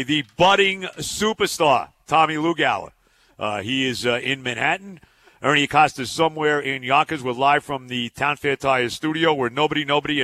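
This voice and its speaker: Gruff New sports-radio host, bright edge, casual fillers. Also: male voice, mid-range voice, no echo. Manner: gruff, offhand, many fillers.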